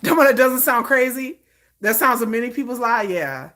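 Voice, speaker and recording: A woman talking casually on a live stream and telling personal family stories in an animated way. She laughs often and repeats or restarts phrases as she talks. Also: on the high side, normal speed.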